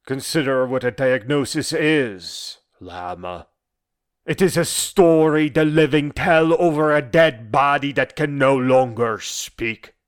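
A man voicing an embittered, proud, dying philosopher in a dramatic monologue, a letter read aloud with slow, measured, bitterly scornful declamation. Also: medium pitch, clean tone, close to an everyday voice.

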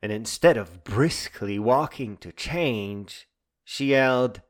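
A man reading a reflective, wry spoken essay in a musing, deliberate way. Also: medium pitch. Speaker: essay narrator. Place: Lake Michigan area.

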